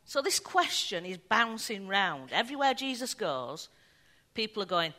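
A woman preaching a sermon, telling the story in an animated way and acting out the voices of the people in it. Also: medium pitch, normal speed. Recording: long hall reverb.

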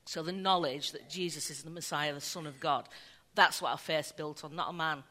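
A woman preaching a sermon, telling the story in an animated way and acting out the voices of the people in it. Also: low voice, moderate pace. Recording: long hall reverb.

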